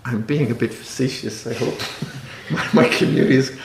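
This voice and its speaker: A man's voice: mid-range voice, moderate pace, creaky, echoey room, background noise. A man teaching meditation in a dharma talk, playful and often laughing, sometimes mimicking fussy meditators.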